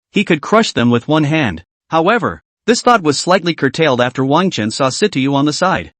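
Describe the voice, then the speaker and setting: A man's voice: a little high, no echo. A man narrating a comic recap in a scripted style, reading out stat lists in short clipped phrases.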